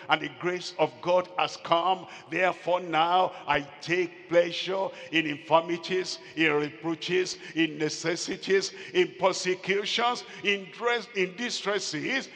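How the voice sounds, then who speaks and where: Pastor guy preaching slow in a big echoey church hall, repeats lines for emphasis. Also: high-pitched, a bit bright. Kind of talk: sermon. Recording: long hall reverb.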